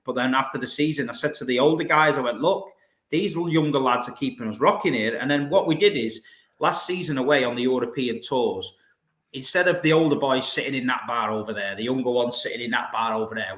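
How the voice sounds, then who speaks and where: A man's voice: mid-range voice, fairly quick, a bit bright. A man hosting a casual chat, telling stories in a chatty, playful way. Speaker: host. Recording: echoey room.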